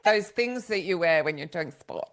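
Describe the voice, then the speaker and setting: A woman's voice: fairly low pitch, animated, normal speed. A middle-aged woman, a guest in an interview, speaking openly and self-deprecatingly, laughing easily and restarting her sentences. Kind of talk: candid interview conversation.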